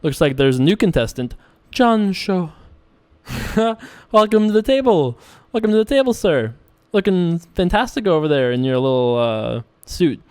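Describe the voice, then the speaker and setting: A man's voice: on the high side, very animated, normal speed, a little mellow, smooth. A man casually commentating his own online poker session, joking and laughing often. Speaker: poker streamer.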